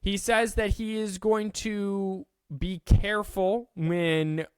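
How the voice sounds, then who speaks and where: A man's voice: high voice, level tone, slow, clean tone, no room sound. A man hosting a casual solo sports podcast, chatty and self-deprecating, stumbling now and then over names.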